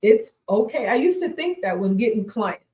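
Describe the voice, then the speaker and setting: A woman's voice: a little high, very animated, normal speed, dark tone, reverberant, low-quality recording. A woman in her forties hosting a radio show, giving casual motivational talk, emphatic and repeating herself, laughing often. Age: 40s.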